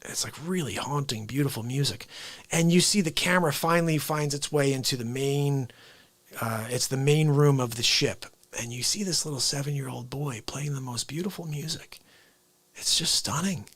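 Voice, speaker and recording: A man hosting a casual livestream, telling movie stories excitedly, laughing often and acting out lines. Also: medium pitch, moderate pace, husky, no room sound. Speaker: livestream host.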